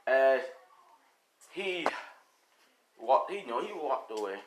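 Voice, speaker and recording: A man's voice: medium pitch, sing-song, takes it slowly. A young man casually narrating an improvised fan story, rambling, swearing and full of fillers. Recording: noisy home recording.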